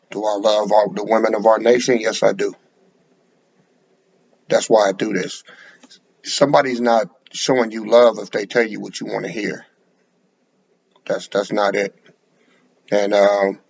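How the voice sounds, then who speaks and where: A man's voice: lowish voice, a little mellow. A man preaching bluntly, lecturing and repeating words as he speaks, in a dull lo-fi recording. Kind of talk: sermon to camera.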